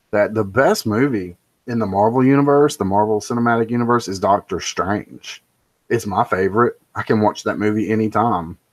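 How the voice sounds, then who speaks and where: Low-voiced man ranting about movies. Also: slightly rough. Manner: emphatic, ranting, digressive. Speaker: pop culture commentator. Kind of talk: opinionated casual monologue.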